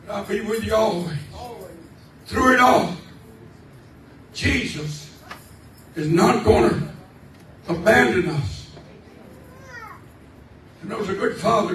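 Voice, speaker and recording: High-pitched shouting preacher in an echoey church. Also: male voice. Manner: fervent, shouting preaching with repeated praise cries. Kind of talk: revival sermon. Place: church sanctuary. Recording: echoey church hall, from far off, congregation around.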